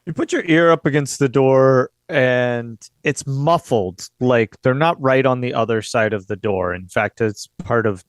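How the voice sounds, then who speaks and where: A man narrating as game master of a tabletop game, describing scenes in a relaxed way. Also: mid-range voice, unhurried, few pauses, smooth, dry recording.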